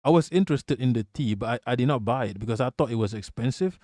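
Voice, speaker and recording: A man from Malaysia hosting a livestream, telling stories in an animated, swearing, casual way. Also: mid-range voice, fast, dry recording, studio quality. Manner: animated, profane storytelling. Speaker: livestream host.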